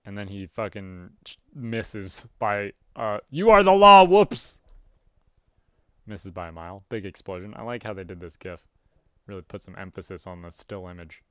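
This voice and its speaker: A man reading a webcomic aloud and chatting about it casually, with sudden loud, animated outbursts. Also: low-pitched, moderate pace, no echo. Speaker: webcomic reader. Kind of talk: casual read-aloud with commentary.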